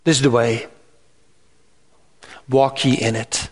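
A man preaching a sermon in an earnest, measured way, rising in pitch on emphatic lists. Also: flat delivery, a little hiss or hum. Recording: reverberant hall sound.

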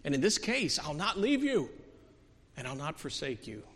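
Preacher guy, kinda high voice, earnest, goes soft then punchy, long echo from the hall. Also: sing-song, moderate pace, breathy edge. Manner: earnest, swings from soft to emphatic with many restarts. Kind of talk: sermon. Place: church sanctuary.

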